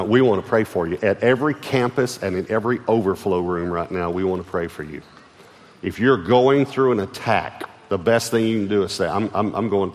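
A middle-aged man with a Texan accent preaches from the pulpit, pressing his points and circling back to restart phrases. His voice sits low. The sound carries a long hall reverb, with faint music underneath. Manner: emphatic preaching with repeated restarts. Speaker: pastor. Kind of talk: sermon. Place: large church auditorium.

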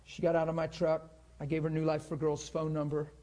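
A middle-aged pastor preaches through a personal story, his slightly raised voice full of feeling. He acts out each person's lines as he tells it, swinging between hushed moments and louder bursts. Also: fairly high pitch, completely flat delivery, fairly quick. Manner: emotional, acts out both sides of a story. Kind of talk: sermon storytelling.

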